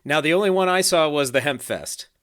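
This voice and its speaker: A man's voice: a little high, brisk, fairly bright tone. A man hosting a casual podcast chat, easygoing, mostly chiming in with short agreement. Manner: easygoing, brief affirmations. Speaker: host.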